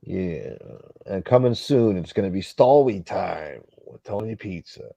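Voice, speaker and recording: A man's voice: low voice, animated, a little slow, vocal fry, warm tone, dry recording, muffled recording. A man hosting a casual livestream, chatting bluntly, swearing freely and reading out viewer comments. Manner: blunt, rambling, swears freely, mimics others. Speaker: livestream host.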